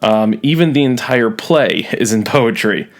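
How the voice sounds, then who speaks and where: A man's voice: mid-range voice, expressive, a little slow. A man teaching a recorded lesson, playful and jokey, leaning hard on key words. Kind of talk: recorded classroom lecture.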